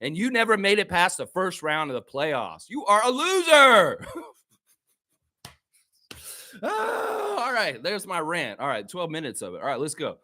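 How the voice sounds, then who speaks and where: A man's voice: a little high, big pitch swings, a little fast, few pauses, pushed and bright, no echo. A man hosting a live basketball fan stream, ranting in a mocking, profane way and reading chat comments aloud. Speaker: host of a fan livestream. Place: friend's home.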